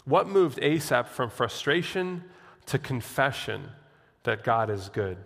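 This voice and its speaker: A man's voice: mid-range voice, takes it slowly, vocal fry, in a large hall. A man preaching a sermon as the pastor, telling a story and acting out what people think to themselves. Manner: animated storytelling preacher, acts out inner voices.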